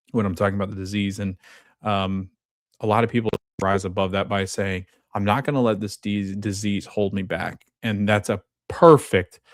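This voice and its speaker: A young man giving a casual, animated recap of a TV episode as a podcast host, laughing often and acting out lines. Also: on the low side, no echo, studio quality.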